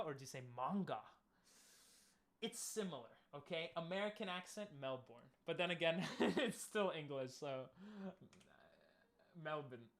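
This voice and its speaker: A man's voice: on the high side, fairly bright tone. A man streaming, chatting casually and easygoingly with his viewers, laughing often.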